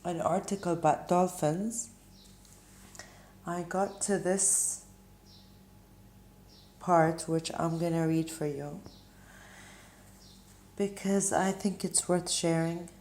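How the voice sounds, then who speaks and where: A woman speaks slowly in a low, mellow voice as she gives a spiritual tarot reading. She muses gently and stops often to search for words. The room around her adds a noticeable echo. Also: fairly even intonation, a little hiss or hum. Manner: gentle, musing, pauses with ums. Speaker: tarot reader.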